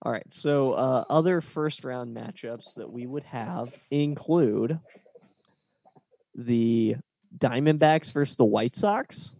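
A man's voice: mid-range voice, slow, a little mellow, no room sound. A man co-hosting a casual sports podcast, reading out matchups and steering the chat. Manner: reads out matchups, leading the talk. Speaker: podcast co-host.

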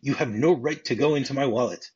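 A man reading out the lines of a pushy, talkative traveling man, with a mildly indignant script-reading delivery and a husky voice. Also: mid-range voice, quick pace, darkish tone. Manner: read aloud from a script with mild indignation. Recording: dull muffled audio.

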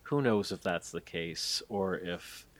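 A podcast co-host recaps a story in casual conversation, taking it slowly with his low-pitched voice. The retelling wanders and hedges, thick with fillers.

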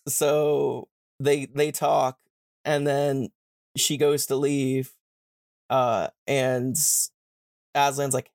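A man's voice: mid-range voice, flat delivery, gravelly, a little mellow, dry recording, studio quality. A man hosting a podcast, casually retelling a book's plot, with swearing and slangy paraphrased dialogue. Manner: irreverent, swears, paraphrases characters in quick modern slang. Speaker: podcast host.

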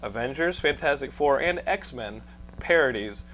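A man's voice: medium pitch, lively intonation, unhurried, a bit bright, slight background noise, rough recording. A man hosting a podcast in casual banter, telling jokey stories and laughing often. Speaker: podcast host.

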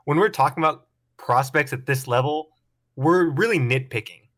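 A man's voice: a little high, normal speed, a bit bright. A man hosting a casual sports podcast, chatting in a laid-back way and hedging his opinions with lots of "like". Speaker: podcast host.

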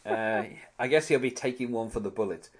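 A man's voice: medium pitch, a little fast. A man co-hosting a podcast, chatting casually through an episode recap, rambling with lots of fillers and restarts. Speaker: podcast co-host.

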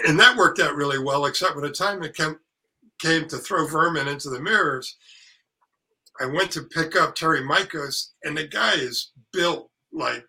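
An older man with a very bright, forceful voice spins casual stories about his acting days. He acts out everyone's lines and swears freely. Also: on the high side, normal speed, vocal fry, rough recording. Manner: animated anecdote telling, acting out quotes, swearing. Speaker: actor and author guest. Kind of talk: casual storytelling interview.

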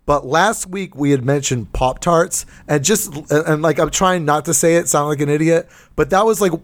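Animated man. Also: a little high, normal speed. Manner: loud and animated, jokey rants. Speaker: podcast co-host. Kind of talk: casual comedic chat.

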